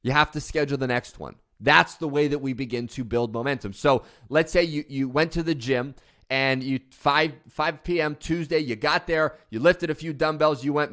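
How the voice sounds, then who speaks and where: Casting note: male motivational speaker, fairly high voice, passionate and emphatic. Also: brisk, fairly bright tone. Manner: passionate, emphatic, mocking voice at the start. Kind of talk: motivational talk.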